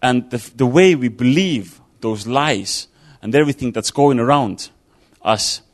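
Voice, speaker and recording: Guy preaching casual sermon, middle pitch, lots of ums and restarts, just chatting it through. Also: animated, measured pace. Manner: conversational, thinking aloud with fillers and restarts. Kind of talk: informal sermon.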